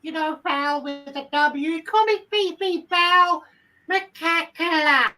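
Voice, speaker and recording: Giddy rambling hen, voiced by a woman, high and bright, slow-talking, lots of ums. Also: recorded from a distance, full character voice, low-quality recording. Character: excitable chatty female hen. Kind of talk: comic character monologue.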